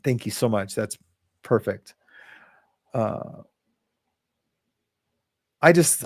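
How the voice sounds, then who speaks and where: A man hosting a casual livestream, reading viewer comments aloud and rambling with frequent chuckles and halting restarts. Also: lowish voice, dry recording, clean studio sound. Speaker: livestream host.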